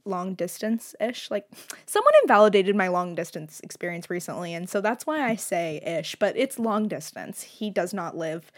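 A young woman hosting a podcast, talking openly and emotionally in a casual monologue, swearing freely and laughing as she talks. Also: medium pitch. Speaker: podcast host.

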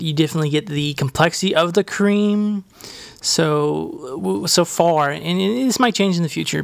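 A man's voice: on the high side, vocal fry, dry recording. A man hosting his own podcast, reviewing butter in a casual, hammy way and tossing in a jokey put-on Irish "lad". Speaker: podcast host.

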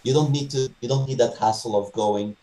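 A man's voice: medium pitch, brisk, warm tone, distant mic, poor audio. A young man with a Portuguese accent, a podcast guest chatting enthusiastically with many restarts and fillers. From Madeira, Portugal. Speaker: podcast guest, game streamer. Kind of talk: casual interview chat.

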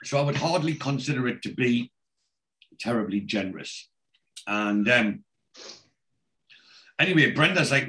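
A man in casual conversation, walking through a TV episode scene by scene. He quotes the characters as he goes and stumbles through fillers and restarts. He speaks at a middle pitch. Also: animated, normal speed, fairly bright tone. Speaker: podcast co-host recapping a TV episode. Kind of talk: casual chat.

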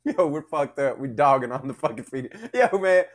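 Animated slangy man with a lively voice. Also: mid-range voice, moderate pace. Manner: animated slangy banter, heavy profanity. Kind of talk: casual chat.

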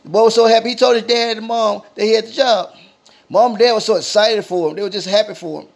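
A man with a very high voice tells a homespun story off the cuff. His tone is gravelly and a little husky. He stumbles and repeats himself as he goes, restarting lines often. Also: steady tone. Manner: halting, repetitive telling with frequent restarts. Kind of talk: improvised spoken storytelling.

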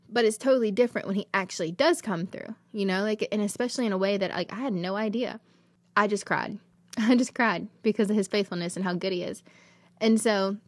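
A woman's voice: mid-range voice, no room sound. A woman, hosting a podcast and telling a personal faith testimony in an earnest, emotional, rambling way. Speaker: podcast host.

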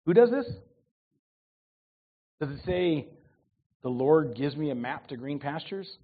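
A man in his forties preaching a sermon with humor, his voice swinging between loud and soft. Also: mid-range voice, big pitch swings, a little slow, long pauses. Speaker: pastor. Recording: tinny phone-like sound.

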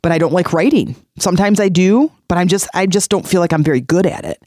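A man's voice: sits high, quick pace, darkish tone, dry recording, clean studio sound. A man in his forties hosting a podcast, giving earnest motivational self-help advice in a conversational way and repeating phrases for emphasis. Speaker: podcast host.

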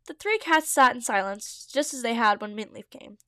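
A woman's voice: on the high side, animated, moderate pace, few pauses, sharp tone, dry recording, studio quality. A young woman reading her old fan story aloud with giggly, self-mocking asides. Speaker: podcast host reading her own old writing.

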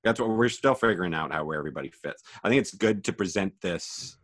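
Low-voiced laid-back male podcast co-host. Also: quick pace. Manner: relaxed, lots of "like" and "kinda", agreeable. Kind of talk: casual chat.

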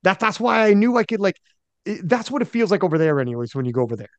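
Higher-voiced animated male podcast host. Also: fast, no echo, dull audio. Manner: animated, slangy, mimics people he talks about. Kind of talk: casual podcast chat.

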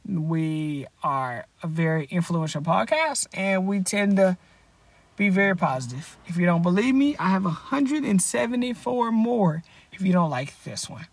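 Young man, podcast host, high-pitched, husky rasp, dry close mic, rambling rhetorical questions. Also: expressive, unhurried, no echo. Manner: upbeat, rambling, self-correcting, asks rhetorical questions. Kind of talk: casual solo podcast talk.

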